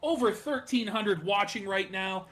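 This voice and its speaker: A man's voice: sits high, measured pace, fairly bright tone. A man co-hosting a live stream, brash and crude, hyping subscriptions with mock-aggressive swearing. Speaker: co-host. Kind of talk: casual livestream chat.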